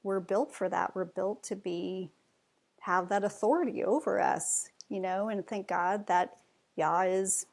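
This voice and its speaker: Chatty woman with a gravelly edge. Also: medium pitch, steady tone, unhurried. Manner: chatty, rambling with many fillers. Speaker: podcast guest. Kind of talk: casual conversation.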